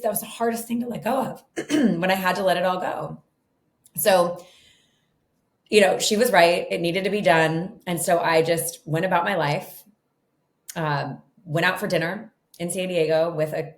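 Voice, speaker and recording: Middle-aged woman, guest author, casual and chatty, slightly low voice, roomy echo. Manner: chatty, animated, lots of "like" and "you know". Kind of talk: casual interview storytelling. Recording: echoey room.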